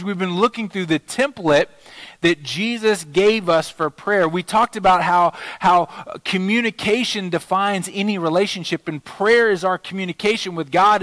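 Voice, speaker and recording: A man's voice: high voice, a bit bright. Man preaching a casual story-filled sermon. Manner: conversational storytelling with many fillers, rising in energy. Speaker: pastor.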